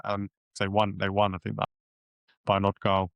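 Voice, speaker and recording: A man co-hosting a podcast, telling a story in rambling, animated casual chat with many restarts. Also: fairly low pitch, brisk, clear, resonant tone, no echo. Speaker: podcast co-host.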